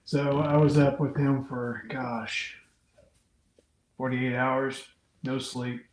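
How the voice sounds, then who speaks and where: A man's voice: mid-range voice, level tone, slow, roomy sound, poor audio. A man hosting an unscripted livestream, chatting casually and reading out viewers' comments as he rambles. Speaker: livestream host. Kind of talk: unscripted live chat with viewers.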